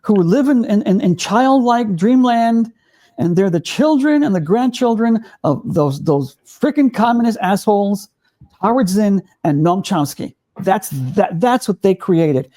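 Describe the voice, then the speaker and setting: A man's voice: high voice, expressive, unhurried, dark tone. An older man in casual reaction chat, ranting with profanity and repeating his words. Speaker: co-host.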